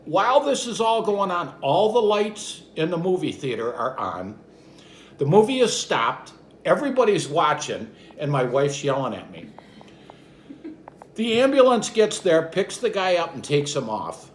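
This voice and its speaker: Animated middle-aged man telling a story. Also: a little slow, slight background noise. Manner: animated, acts out shouts and quotes with big pitch jumps. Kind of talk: personal anecdote told to camera. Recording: echoey room with faint ambience.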